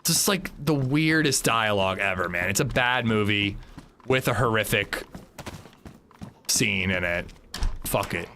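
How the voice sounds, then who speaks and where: This gaming livestreamer has a lowish voice with lively intonation, bright and forceful, speaking unhurriedly with frequent pauses. Slight background noise sits under his casual, blunt gameplay chat, full of rambling, swearing and restarts.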